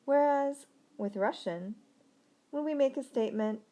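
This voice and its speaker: Female teacher, mellow tone, clear and deliberate, slows for example sentences. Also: sits high. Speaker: language teacher. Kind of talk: recorded language lesson.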